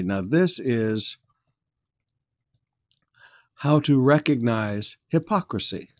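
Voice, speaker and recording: A man's voice: mid-range voice, lively intonation, moderate pace. A man pastor preaching a verse-by-verse sermon in church, teaching in a conversational way and growing emphatic when he reads scripture aloud.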